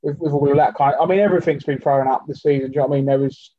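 A man's voice: on the high side, fairly even intonation, racing, no echo, lo-fi sound. A man talking as a podcast guest in casual football chat, rambling and leaning on fillers and restarts.

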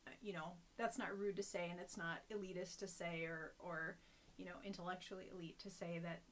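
A woman's voice: on the low side, steady tone, fairly quick, a little hiss or hum. A woman co-hosting a podcast, chatting casually and laying out an argument articulately. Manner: articulate, argues a point at length. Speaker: podcast co-host. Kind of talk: casual chat.

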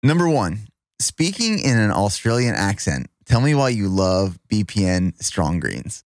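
A man's voice: on the low side, big pitch swings, a little slow, dry recording, studio quality. A man hosting a casual podcast interview, upbeat and teasing. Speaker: podcast host.

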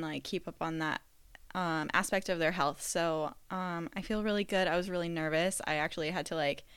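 A woman's voice: lowish voice, a bit bright, smooth, dry recording. A young woman co-hosting a casual podcast, giggly and sprinkling in swear words and fillers. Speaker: podcast co-host. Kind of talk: casual chat, unedited podcast.

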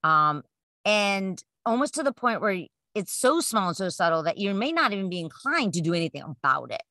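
A woman's voice: medium pitch, very animated, fairly quick, pushed and bright, dry recording, clean studio sound. A woman hosting her own podcast, talking in an upbeat, chatty way to coaches and swearing casually now and then. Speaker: podcast host and business coach. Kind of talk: casual solo podcast talk.

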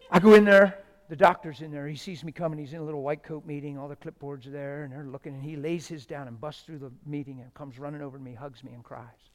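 A middle-aged man, a pastor, preaching a sermon with passionate storytelling that swings from loud exclamations to hushed quiet. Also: a little high, fairly even intonation, fast talker, hardly any pauses.

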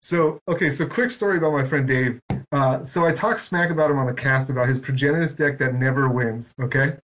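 A man's voice: medium pitch, a little fast, a bit bright. A man hosting a podcast, telling long, rambling, self-mocking stories in casual chat. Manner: rambling, self-mocking storytelling with lots of quoted back-and-forth. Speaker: podcast host.

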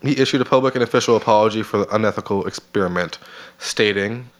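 A man co-hosting a casual podcast, reading researched notes and long quotes at a steady pace. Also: on the low side, fast. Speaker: podcast co-host.

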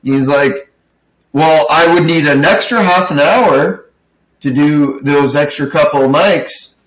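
Guy on a podcast ranting through a story, cusses a lot, kinda high voice, roomy echo. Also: unhurried. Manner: profane, animated storytelling with acted-out dialogue. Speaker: podcast co-host, comedy show producer. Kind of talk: casual storytelling rant.

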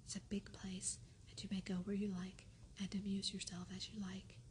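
Brief: woman whispering a fretful, unhappy guardian; whispered role-play, even and level, faint hiss behind. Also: mid-range voice, moderate pace, lightly acted. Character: weary, troubled middle-aged male guardian.

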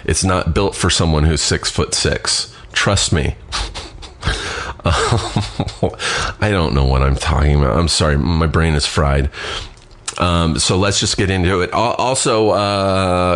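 A man with a very low, deep voice hosts a podcast in casual chat. He rambles and pokes fun at himself in a scatterbrained way. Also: slow, a bit bright. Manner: rambling, self-deprecating, scatterbrained. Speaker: podcast host.

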